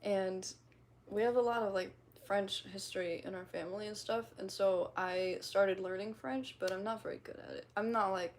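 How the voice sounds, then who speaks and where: A woman's voice: mid-range voice, steady tone, moderate pace. A young woman from the Midwest with a slight twang, chatting casually and reading viewer comments on a livestream, rambling and giggly with casual swearing.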